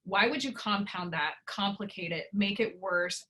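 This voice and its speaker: A woman's voice: mid-range voice, a little slow, few pauses, pushed and bright. A woman in her thirties in an interview, speaking bluntly and emphatically about her frustration. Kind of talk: emotional personal interview.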